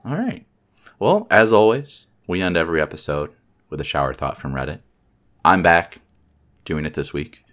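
Male podcast host, booming-low register, easygoing and meandering. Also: lively intonation, normal speed, pauses often, fairly bright tone. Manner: laid-back, rambling sign-off with fillers. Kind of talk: casual podcast chat.

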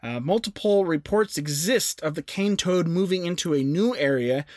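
A man's voice: a little high, animated, moderate pace, a little mellow, no echo, studio quality. A young adult man co-hosting a podcast in casual chat, presenting facts with jokey asides. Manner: chatty, jokey, with self-aware asides. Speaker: podcast co-host.

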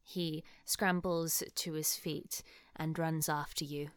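A woman narrating calmly as game master of a tabletop game. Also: sits low, slow, clear, resonant tone, dry recording, studio quality.

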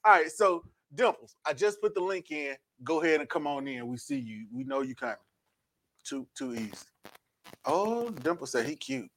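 A man co-hosting a podcast, teasing his co-hosts and laughing loudly. His voice sits a touch high and swoops around a lot as he jokes. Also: animated, moderate pace. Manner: loud, teasing, laughs often. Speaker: podcast co-host. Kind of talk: casual joking chat.

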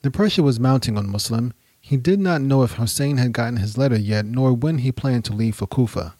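A man narrating a history podcast in a measured, dramatic storytelling manner. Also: medium pitch, dark tone, no room sound.

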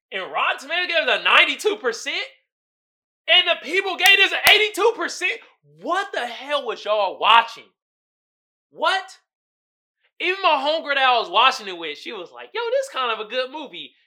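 Male podcast host, very bright tense voice, lively swooping pitch, casual profane movie recap. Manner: animated, profane storytelling with frequent laughs.

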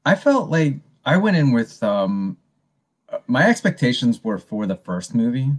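A man's voice: mid-range voice, very animated, unhurried. A man in a casual movie review chat, rambling with many restarts.

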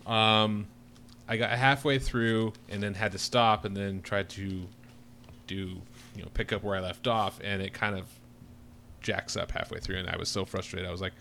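Low-voiced man, laid-back. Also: fairly even intonation, normal speed, pushed and bright. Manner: teasing, laid-back, many fillers. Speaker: podcast host. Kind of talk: casual chat. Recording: faint background noise.

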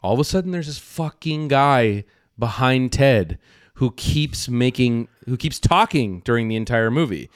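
A man's voice: medium pitch, animated, normal speed, no room sound, studio quality. A man co-hosting a casual film podcast, telling rambling, profane stories and acting out quoted voices. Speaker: podcast co-host.

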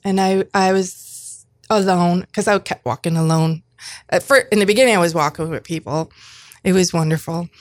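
A woman's voice: fairly low pitch, normal speed, no echo, studio quality. A woman in her fifties, an interview guest telling a personal story in conversation, earnest, often restarting and repeating herself. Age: 50s. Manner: earnest, with frequent restarts and repetitions.

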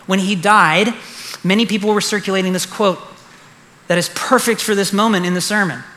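A man's voice: high-pitched, steady tone, fast, a bit bright. A man preaching a sermon as a pastor, earnest and emphatic, repeating key phrases for weight. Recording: long reverb of a large hall.

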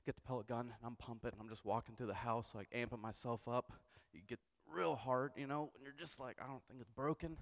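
A young man preaching a sermon, telling a comic story with animated, self-mocking delivery and frequent asides of "okay?". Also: mid-range voice, fairly quick, hardly any pauses. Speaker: pastor. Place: church sanctuary. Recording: long church hall reverb.

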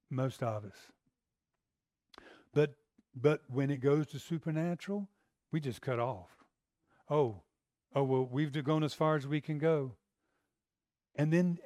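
Guy preaching casually, does little voices, gets loud, dry sound. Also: on the high side, dry recording. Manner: conversational, acts out voices, rising to loud emphasis. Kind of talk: sermon.

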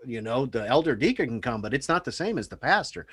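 A man with a mid-pitched voice tells stories in a casual podcast conversation. He is animated and earnest as he talks. The sound is dry and close. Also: fast talker, husky, dry recording. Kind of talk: casual podcast chat, storytelling.

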